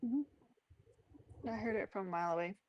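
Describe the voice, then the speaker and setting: A woman's voice: mid-range voice, animated, a little slow, lo-fi sound, slight background noise. A woman with a Miami accent, a co-host in a casual debate, firm and dismissive.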